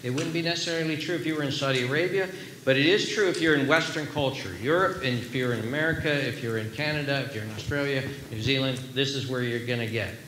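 A man's voice: medium pitch, fast, sharp tone, a little hiss or hum. A man preaching a sermon as pastor, earnest and emphatic, repeating his key phrases. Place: church sanctuary. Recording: echoey room, faint ambience.

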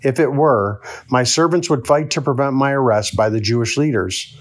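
A man voicing a calm, earnest teacher, speaking in measured sentences. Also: medium pitch, lightly acted.

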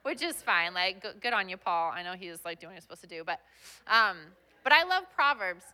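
A woman's voice: mid-range voice, big pitch swings, a little fast, bright, forceful tone. A young woman guest pastor giving a chatty, self-deprecating sermon with plenty of fillers.

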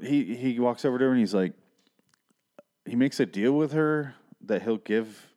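A man's voice: fairly low pitch, dark tone. A man in his thirties casually recapping a film, sarcastic and exasperated, swearing freely. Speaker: film reviewer.

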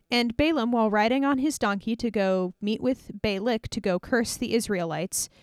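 A woman tells Bible stories in a chatty, playful way, with quick jokes along the way. Her fairly high voice moves up and down a lot. She sounds close and dry. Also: no echo. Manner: chatty, playful, wry asides. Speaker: Bible teacher. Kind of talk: casual Bible story retelling.

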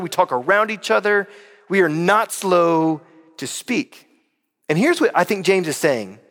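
High-voiced pastor preaching in a reverberant hall. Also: male voice, fairly bright tone. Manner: conversational, emphatic preaching with rhetorical questions. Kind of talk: sermon. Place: church sanctuary.

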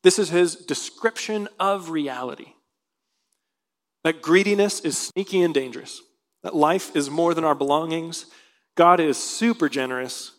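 A man's voice: a little high, measured pace. A male pastor preaching a sermon, reading scripture aloud and explaining it earnestly. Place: church sanctuary.

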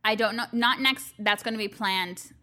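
A woman's voice: medium pitch, normal speed, sharp tone. A woman co-hosting a podcast, chatting casually, swearing freely and laughing often while she tells a story. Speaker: podcast co-host. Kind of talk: casual chat.

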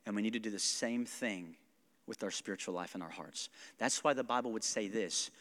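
A man's voice: fairly low pitch, brisk, fairly bright tone, big-room sound. A young man preaching a sermon in a church, talking casually and animatedly with frequent asides to the congregation. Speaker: pastor. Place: church sanctuary.

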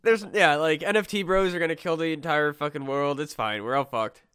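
A man's voice: on the high side, brisk, fairly bright tone, smooth, dry recording, clean studio sound. Swearing, ranting young man. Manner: ranting, heavy swearing, many restarts. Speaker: podcast host. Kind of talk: casual chat.

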